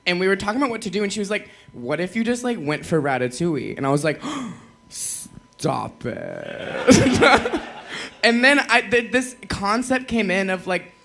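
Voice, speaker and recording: Drag queen guest, man, bright higher voice, chatty and profane, quick to laugh. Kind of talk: casual chat.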